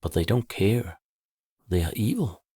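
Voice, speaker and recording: A man voicing a tired, grumpy female owl in a storybook, speaking slowly with a mumble. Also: on the low side, big pitch swings, dark tone, breathy edge, exaggerated voice. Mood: weary, gruff. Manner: slow, mumbling, scornful.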